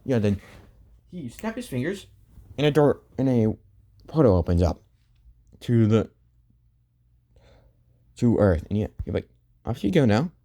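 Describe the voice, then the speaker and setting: Man, improvised storytelling, rambling, lots of filler, dark tone. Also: mid-range voice, very animated, unhurried, pauses often. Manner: rambling, fills with "and yeah". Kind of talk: improvised fan story narration.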